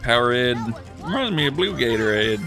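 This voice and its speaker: A man's voice: medium pitch, big pitch swings, fairly quick, gravelly. A man playing and co-hosting a let's play, laid-back and teasing, laughing often. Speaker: let's play co-host, player. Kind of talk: casual gaming chat. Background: video game music.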